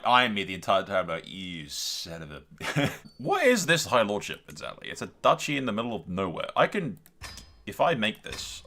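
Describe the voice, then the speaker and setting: A man with a lively, swinging voice gives casual let's-play commentary on a strategy game from his home. His voice is bright and forward, and he talks back at the characters on screen and laughs a lot. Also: mid-range voice. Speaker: gaming YouTuber.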